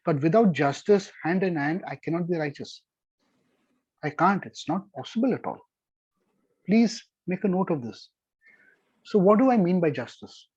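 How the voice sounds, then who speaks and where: Brief: middle-aged male Bible teacher, husky and a touch high, earnest and repetitive, dry dull lo-fi sound. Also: expressive, normal speed, pauses often, darkish tone, no echo. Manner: earnest, repeats key words for emphasis. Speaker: Torah teacher. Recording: dull lo-fi recording.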